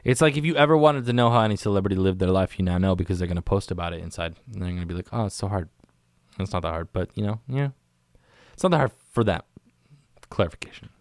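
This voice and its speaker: A man with a low voice hosts a casual solo podcast from a small studio, talking fast and animatedly with no echo. He rambles in a laid-back way, constantly saying "dude" and "man," into a studio microphone on camera.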